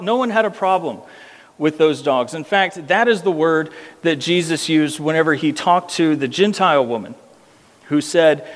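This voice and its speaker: A man preaching an expository sermon, emphatic, repeating words for weight and slowing down on key phrases. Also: sits high. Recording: long reverb of a church hall.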